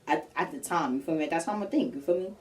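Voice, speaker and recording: A young woman telling a personal story in a casual vlog, animated and slangy, acting out what people said. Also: sits low, racing, distant mic. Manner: animated, slangy, acts out quotes.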